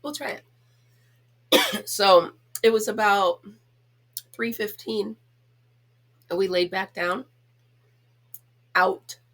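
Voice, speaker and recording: A woman's voice: mid-range voice, fairly even intonation, extremely slow, long pauses, fairly bright tone. A middle-aged woman from the United States hosting a casual home chat vlog, talking in a chatty, giggly, self-teasing way. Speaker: host.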